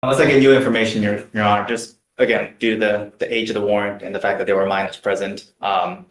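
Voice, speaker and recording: Low-voiced prosecutor in a roomy courtroom. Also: male voice, level tone, quick pace. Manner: formal, procedural, hesitant fillers. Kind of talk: courtroom argument. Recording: roomy courtroom with people around.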